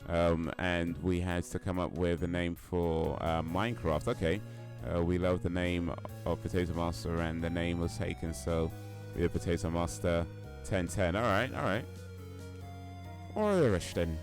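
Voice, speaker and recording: Low-voiced man chatting on a stream. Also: unhurried, soft background music. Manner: rambling, answers chat, chuckles. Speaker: game streamer. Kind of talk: casual live-stream chat.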